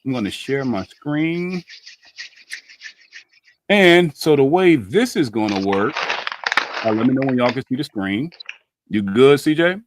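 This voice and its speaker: A man's voice: medium pitch, expressive, a little slow, long pauses. A man hosting a podcast, running a playful dating quiz with friends over a video call, teasing and using loose slang. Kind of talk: casual group chat on a video call.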